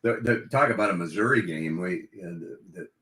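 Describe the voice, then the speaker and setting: A man's voice: low-pitched, fairly quick, pushed and bright. An older man, a veteran radio broadcaster, reminiscing in a casual podcast interview and rambling with restarts. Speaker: guest, longtime radio play-by-play broadcaster. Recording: echoey room.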